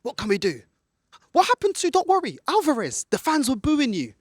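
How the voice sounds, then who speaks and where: A very high, slightly rough voice with wildly swooping pitch moves a little fast, in clean studio sound with no room sound. The man is angrily ranting for a football fan vlog, filmed in an outdoor car park on a friend's camera, and drops into Portuguese here and there.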